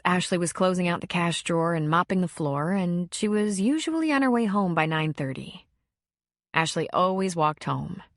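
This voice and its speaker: A woman narrating an audiobook in an even, measured storytelling manner, close to the mic. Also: on the low side, dry recording. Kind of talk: scripted narration.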